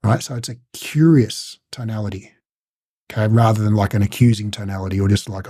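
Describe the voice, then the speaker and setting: A man's voice: on the low side, steady tone, a little fast, dark tone, breathy edge, dry recording, studio quality. A man teaching a casual recorded lesson, talking conversationally and acting out short coach and client exchanges. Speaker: instructor.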